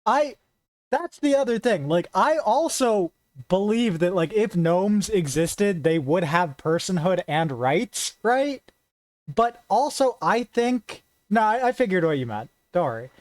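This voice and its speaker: A woman's voice: medium pitch, unhurried, dry recording. A young woman chatting casually as a host, rambling through a playful argument with lots of fillers and a constant "right?". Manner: rambling, filler-heavy, keeps asking "right?"; playful, animated. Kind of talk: casual debate chat.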